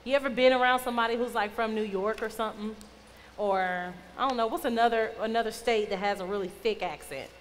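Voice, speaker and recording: A young woman youth minister preaches casually to teens in a higher-pitched voice. Her talk is playful and teasing, and it rings out with a long reverb under faint noise. She sounds like she is in a church hall. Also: steady tone, fairly quick.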